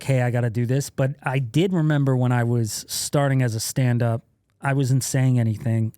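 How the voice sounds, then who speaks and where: A man's voice: medium pitch, mellow, no echo, clean studio sound. A man who is a comedian, guest on a podcast, telling stories in casual talk, laughing often and acting out what others said. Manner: laughs often while telling stories, acts out quoted lines.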